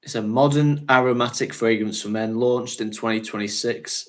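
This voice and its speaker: This is a man, talking casually on a livestream. He rambles in a chatty way, laughs often, and sits at an ordinary middle pitch. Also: normal speed, few pauses. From North West England. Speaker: fragrance channel host.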